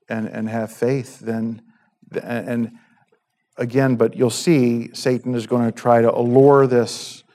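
A man delivers a Bible teaching as an unscripted sermon, his voice sitting at an everyday middle pitch. He talks in loose, halting runs, filling pauses with ums and circling back to restart his sentences. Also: darkish tone. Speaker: preacher.

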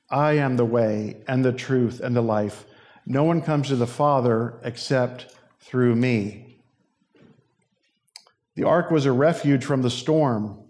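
A man preaching in a relaxed, conversational tone, at a mid pitch. He explains things plainly, sometimes restarting his sentences and dropping in fillers. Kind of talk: sermon.

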